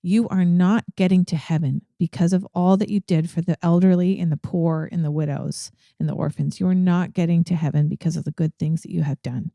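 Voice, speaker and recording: A woman's voice: fairly low pitch, fairly even intonation, brisk, gravelly, few pauses, mellow, no echo, studio quality. A woman co-hosting a conversational Bible discussion, emphatic and repeating phrases for stress. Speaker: podcast co-host.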